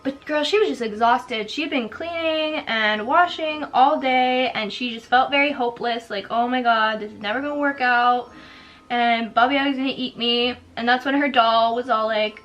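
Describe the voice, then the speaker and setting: A woman's voice: on the high side, moderate pace, fairly bright tone, dull audio. A woman vlogger retelling a folk tale in a chatty, sarcastic way, full of "like" and "girl," while doing her makeup. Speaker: spooky lifestyle vlogger.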